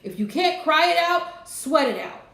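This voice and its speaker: A woman hosting a live tarot reading, calmly repeating gentle advice to her viewers. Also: high voice, a little slow, echoey room. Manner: soothing, repetitive advice with Southern-style phrasing. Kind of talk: casual live-stream reading.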